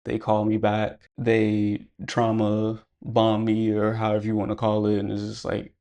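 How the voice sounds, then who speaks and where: Young male vlogger, low gravelly voice, loose reflective storytelling with lots of fillers. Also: completely flat delivery, a little slow, mellow. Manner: casual, reflective, lots of fillers like "like" and "you know". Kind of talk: personal storytelling to camera.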